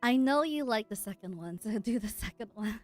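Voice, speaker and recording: A woman's voice: on the high side, lively intonation, a little fast, faint music behind. A woman running a murder mystery tabletop game as game master, laughing often as she talks.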